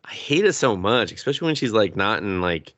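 A man with a bright, sharp-edged voice talks in a relaxed podcast chat. His pitch swings widely as he swears freely and drops into mocking impressions of cartoon characters. The talk is loose and crude. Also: brisk, slight background noise. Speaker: podcast co-host. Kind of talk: casual anime recap chat.

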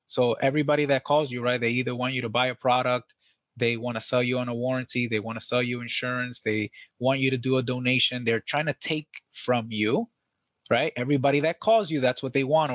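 A man's voice: medium pitch, fairly bright tone, no echo. A man, guest on an interview, talking energetically and casually about training salespeople, acting out phone calls, with some swearing.

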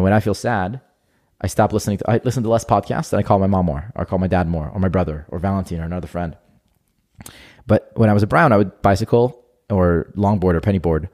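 A man's voice: deep voice, a little mellow. A young adult man speaking as a podcast guest in an earnest, reflective way during casual conversation.

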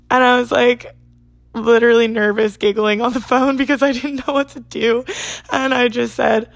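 A woman's voice: a little high, little pitch movement, moderate pace, creaky, dry recording. A young woman casually telling a dating story, chatty and peppered with "like". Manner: chatty, says "like" a lot. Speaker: vlogger.

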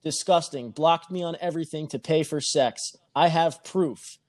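A man with a somewhat high voice tells a rambling anecdote. He swears a lot and acts out the people in his story. The recording is dry and close, with no room sound. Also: moderate pace, no room sound. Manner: profane, animated, acts out quoted voices. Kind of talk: casual podcast storytelling.

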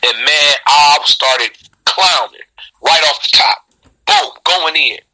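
A middle-aged man, a rapper, telling a story in a casual interview, animated and profane, jumping into high shouts when he reenacts what people said. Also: takes it slowly, low-quality recording.

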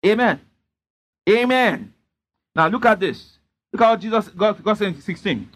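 A man's voice: sits high, lively intonation, normal speed, pauses often, fairly bright tone. A man preaching a sermon as pastor, emphatically prompting the congregation to answer him. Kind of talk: sermon with call-and-response.

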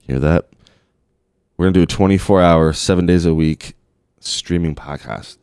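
A man with a very low voice co-hosts a loose podcast. He drops in short, offhand jokes. The sound is dry and close. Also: moderate pace, darkish tone, smooth, no room sound. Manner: joking, offhand interjections. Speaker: podcast co-host. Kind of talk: casual podcast chat.

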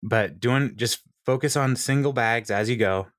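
A man co-hosts a podcast in a casual chat, rambling and laughing often. His voice is medium-pitched and fairly bright, at a normal speed, recorded clean in a studio with no room sound.

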